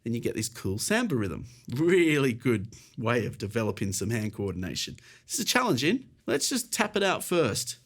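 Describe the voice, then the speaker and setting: A man's voice: mid-range voice, very animated, normal speed, hardly any pauses, a bit bright. A British man teaching an online piano lesson, encouraging and casual, explaining while counting and playing along. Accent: British English. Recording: faint piano music behind.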